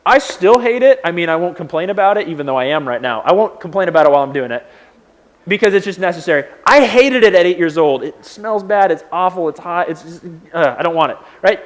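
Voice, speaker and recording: Casual, high-voiced young male pastor preaching. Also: fast. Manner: conversational, animated storytelling with many fillers. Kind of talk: sermon.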